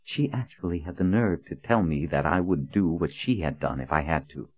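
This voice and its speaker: A man voicing a composed, stern woman leader who speaks in a low, calm, clipped way, on a dull, lo-fi recording. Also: normal speed, slightly rough, dry recording, full character voice.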